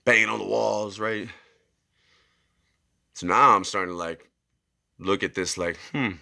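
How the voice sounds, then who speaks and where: A man's voice: fairly low pitch, normal speed, creaky, pauses often. A young man rambling through a story in a casual monologue, often asking "right?". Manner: animated, acts out screams and quotes. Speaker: vlogger.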